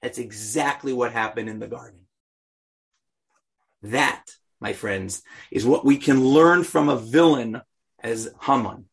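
A man's voice: mid-range voice, unhurried, creaky, long pauses, fairly bright tone, breathy edge. A man teaching an informal Bible class, joking and talking to the group directly. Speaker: Torah teacher.

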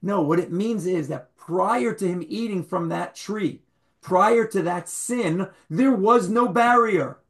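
A man's voice: high voice, slow. Quizzing, wry male Torah teacher. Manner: quizzes the audience, wry humorous asides; repeats key words for emphasis. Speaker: rabbi teaching a class. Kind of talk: Torah class lecture.

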